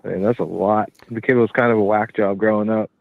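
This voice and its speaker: A man's voice: on the low side, steady tone, fast, gravelly, no echo. A man in his thirties, a caller being interviewed by phone, rambling loosely with lots of filler. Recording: tinny phone line.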